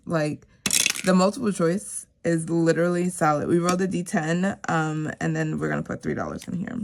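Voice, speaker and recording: Chatty New woman with gravelly voice. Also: deep voice, normal speed, background noise. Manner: chatty, repeats herself for emphasis, talks to viewers. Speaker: savings challenge vlogger. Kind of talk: casual chatty vlog while stuffing cash envelopes.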